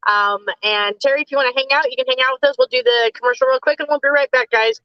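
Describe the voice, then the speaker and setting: A woman's voice: high-pitched, steady tone, fast, dull audio. A woman hosting a casual live online show, bubbly and laughing a lot. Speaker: host.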